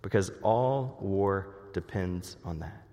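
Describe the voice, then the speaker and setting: A man voicing a calm, blunt army captain, in a low and quiet way, as he reads a scene aloud. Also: takes it slowly, big-room sound. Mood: grave.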